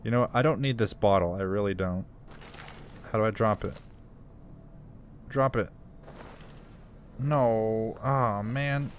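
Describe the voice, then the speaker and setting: Speaking slowly with frequent pauses, a man with a lowish voice offers casual let's play commentary on a survival horror game for his YouTube channel. He's talkative but jumpy, laughing nervously when scared, with slight background noise present.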